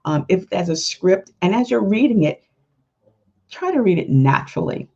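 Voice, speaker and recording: A woman's voice: lowish voice, expressive, moderate pace, gravelly, dark tone, breathy edge, lo-fi sound. A woman hosting a podcast, giving casual, chatty advice with lots of "you know" asides. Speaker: podcast host.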